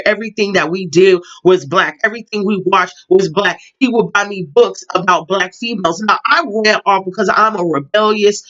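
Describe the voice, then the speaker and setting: A woman's voice: medium pitch, a bit bright, muffled recording. Heated, cursing woman vlogger. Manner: heated, profane, repetitive. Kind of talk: casual rant to camera. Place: outdoors in windy weather.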